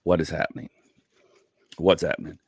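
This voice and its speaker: A man's voice: extremely low pitch, flat delivery, moderate pace, slightly rough, dry recording, clean studio sound. A man in his forties hosting a casual comedy podcast, telling rambling stories full of "like" and acted-out asides. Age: 40s. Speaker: podcast host.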